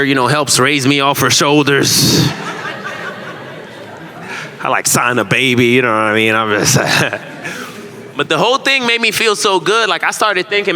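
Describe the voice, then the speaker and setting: A man performing a stand-up comedy set, telling profane stories loosely and animatedly, breaking into loud shouted character voices. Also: fairly high pitch. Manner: animated, loose, profane storytelling with frequent laughs.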